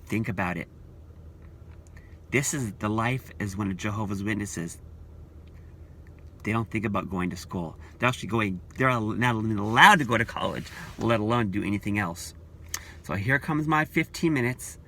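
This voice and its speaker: A man's voice: lowish voice, normal speed, long pauses, sharp tone, a little hiss or hum. A man vlogging about church leaders, talking in an earnest, repetitive, preachy way. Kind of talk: casual opinion vlog.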